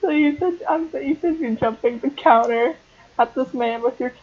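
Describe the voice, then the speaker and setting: A woman's voice: sits high, normal speed, husky, lo-fi sound. A young woman narrating as game master for a tabletop game, hesitant and full of ums and restarts.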